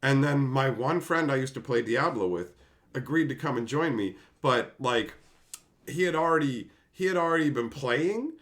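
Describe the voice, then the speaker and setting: A man's voice: mid-range voice, normal speed. Host, male, casual storyteller, voice swings up and down a lot, salty language. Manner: animated, swears, acts out quotes in different voices. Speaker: channel host.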